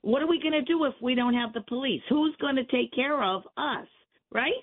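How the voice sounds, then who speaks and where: A woman's voice: high voice, fairly quick. A woman calling in to a radio show, heated and emphatic, firing rhetorical questions. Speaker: caller. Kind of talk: call-in radio talk. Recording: phone line.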